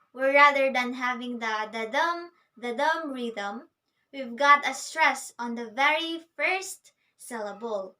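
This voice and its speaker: A woman's voice: high-pitched, sharp tone, far from the mic. A woman teacher giving a recorded literature lecture, patiently explaining and answering her own questions.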